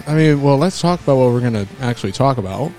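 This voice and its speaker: A man's voice: mid-range voice, expressive, fast talker, dark tone. A man co-hosting a casual podcast chat, upbeat and laying out what the show will cover. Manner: upbeat, lays out the show rundown. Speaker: podcast co-host.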